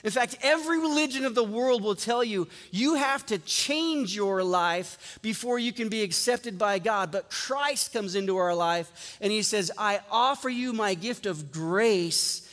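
A male pastor with a high-pitched voice delivers a sermon in a relaxed storytelling way. He plays out each exchange as he tells it. His voice carries a long reverb, as if it fills a large church sanctuary. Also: unhurried, few pauses. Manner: conversational storytelling, acting out dialogue.

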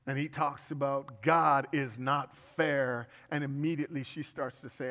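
A man's voice: mid-range voice, fairly even intonation, normal speed, hardly any pauses, pushed and bright. A middle-aged man preaching a sermon as pastor, telling stories with humor and earnest turns. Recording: echoey hall, dull sound.

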